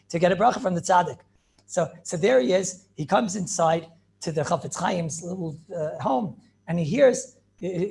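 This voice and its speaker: Gravelly-voiced rabbi telling stories. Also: male voice, high-pitched, darkish tone. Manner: retells stories with many repeated phrases and restarts; mixes in Yiddish and Hebrew words. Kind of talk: inspirational storytelling talk.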